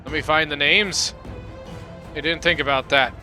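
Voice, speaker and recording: A man's voice: on the high side, fairly even intonation, normal speed, bright, forceful tone. Chatty man commentating over music. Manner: rambling, self-correcting, chatty. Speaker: game commentator. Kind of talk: casual replay commentary. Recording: clear background music.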